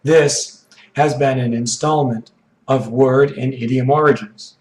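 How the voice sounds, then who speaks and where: A man teaching an English idiom lesson, his voice hoarse and froggy from allergies, explaining slowly with frequent "okay"s. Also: medium pitch, fairly even intonation, a little mellow, echoey room, a little hiss or hum, rough recording. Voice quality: froggy, rough throat.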